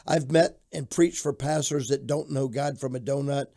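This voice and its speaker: An older pastor from Florida, telling his life story in an interview with an animated storytelling manner. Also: mid-range voice, moderate pace. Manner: animated storyteller who shouts out quoted lines.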